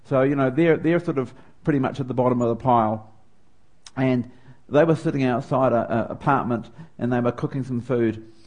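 A middle-aged man with a New Zealand accent, from New Zealand, speaks at normal speed in a mid-range, slightly mellow voice. Preaching, he recounts a personal story as his emotion builds.

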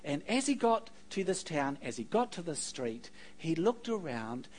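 A man preaching a sermon, telling stories with animated delivery and joking asides to the congregation. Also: a little high, a little slow, poor audio. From New Zealand. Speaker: pastor.

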